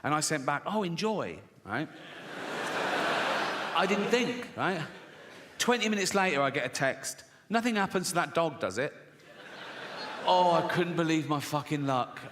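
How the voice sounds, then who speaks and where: An English man telling profane, chatty stories as a stand-up comedian, slipping into quick voices for the people in his tales. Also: fairly high pitch, expressive. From England. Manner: profane, conversational storytelling with sudden acted-out voices. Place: large theatre stage before a live audience. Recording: live theatre recording, roomy reverb, audience noise.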